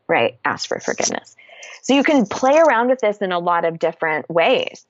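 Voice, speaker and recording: A woman's voice: fairly low pitch, very animated, moderate pace, no room sound, dull audio. A woman coach talking candidly and casually in a podcast interview, swearing freely as she explains her method. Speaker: guest, confidence coach.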